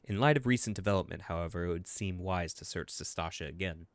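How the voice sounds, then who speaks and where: A man voicing a proper English gentleman naval commander with a measured, formal delivery, reading game dialogue. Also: deep voice, no room sound.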